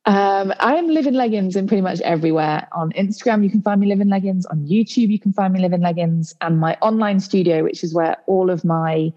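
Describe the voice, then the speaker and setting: A woman yoga teacher, a guest on a casual podcast interview, speaking in a relaxed way with hesitant fillers and easy laughter. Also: mid-range voice, fairly quick, hardly any pauses, dull audio.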